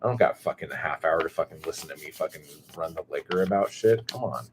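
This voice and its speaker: A man with a Californian accent chatting casually on a livestream, drawing his words out slowly, swearing freely and rambling as he reads chat aloud. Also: extremely low pitch, lively intonation, background noise. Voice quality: slow, drawn-out surfer-dude drawl.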